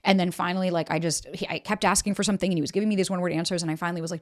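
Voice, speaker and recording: A woman's voice: lowish voice, steady tone, racing. A woman in her thirties hosting a podcast, giving candid relationship advice in a blunt, emphatic way with casual swearing. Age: 30s. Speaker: podcast host.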